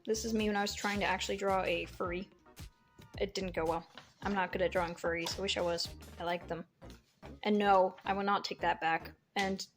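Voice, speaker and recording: A young woman casually talking through her sketchbook as an artist vlogger, chatty and giggly, rambling with lots of fillers. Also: medium pitch. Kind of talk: casual sketchbook tour narration.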